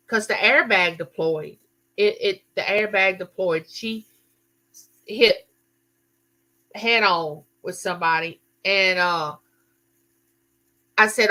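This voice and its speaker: Woman, middle-aged, casual live chat host, storytelling, clear bright tone. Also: mid-range voice, slow pace. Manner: chatty storytelling, answers viewer comments. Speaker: livestream host.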